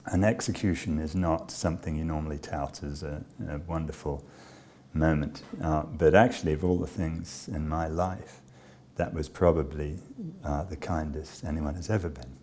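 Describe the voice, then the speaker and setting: Low voiced guy, charity director, telling a story slow and understated, lots of pauses and ums. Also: fairly even intonation, dark tone, a little hiss or hum. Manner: measured, understated, with frequent pauses and fillers. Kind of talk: reflective personal storytelling.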